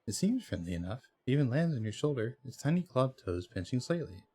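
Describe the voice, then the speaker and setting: A man's voice: mid-range voice, sing-song, a little fast, dark tone, husky. A man hosting a let's play, reading the game's story text aloud with hesitations and frequent self-corrections. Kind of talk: reading game text aloud while playing.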